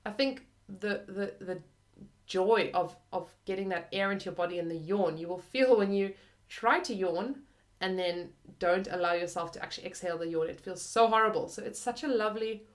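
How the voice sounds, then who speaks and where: A woman's voice: medium pitch, moderate pace. A young adult woman teaching flute in a friendly, chatty way, often using "like" and "kind of". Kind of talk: video lesson.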